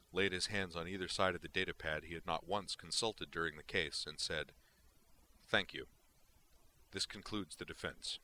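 A man with a very deep voice reads an audiobook narration. His tone is bright and crisp, and his reading is steady and deliberate. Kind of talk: scripted narration.

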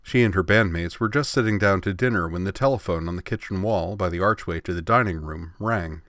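A man narrating a story aloud in a measured, expressive reading. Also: low voice, no room sound, clean studio sound.

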